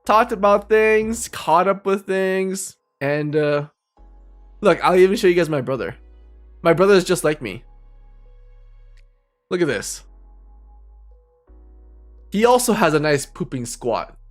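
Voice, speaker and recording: A man's voice: high voice, lively intonation, a little slow, long pauses, faint music behind. A man chatting casually and rambling with viewers on a live stream, laughing often. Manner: rambling, giggly, talks to viewers.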